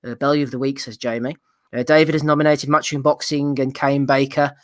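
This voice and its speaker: A man's voice: medium pitch, little pitch movement, brisk, fairly bright tone, no echo, studio quality. A British man hosting a casual boxing podcast, laughing often and reading out listener nominations. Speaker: podcast host.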